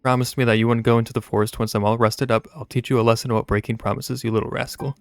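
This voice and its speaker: A man voicing a caring young female forest watcher, reading game dialogue aloud with a gravelly voice. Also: medium pitch, little pitch movement, racing, lightly acted. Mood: scolding.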